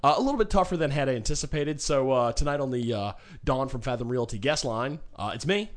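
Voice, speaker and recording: A man's voice: mid-range voice, expressive, brisk. Joking man co-hosting a sports podcast. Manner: loose, joking, rambling with fillers. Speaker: podcast co-host. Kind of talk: casual sports podcast chat.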